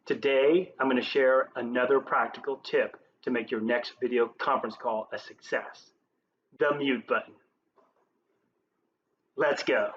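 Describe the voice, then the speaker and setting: A man presenting as a leadership coach, giving scripted tips to camera in a clear, upbeat presenter manner. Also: mid-range voice, steady tone, measured pace, pauses often, a bit bright. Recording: roomy, slightly dull with faint noise.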